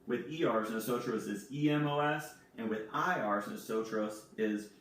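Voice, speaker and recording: A man's voice: lowish voice, normal speed, heavy reverb, distant mic, a little hiss or hum. A man teaching a recorded language lesson, patiently explaining and spelling words out letter by letter. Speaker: Spanish teacher.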